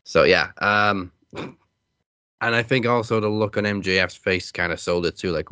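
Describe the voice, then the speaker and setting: A man co-hosting a casual wrestling podcast, easygoing and quick to laugh, with some stammered restarts. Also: lowish voice, pushed and bright, smooth, no room sound. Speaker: podcast co-host.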